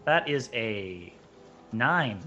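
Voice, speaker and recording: Bright-voiced male player, hesitant. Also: mid-range voice, animated, drawn-out words. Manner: hesitant, many fillers. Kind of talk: playing a tabletop game.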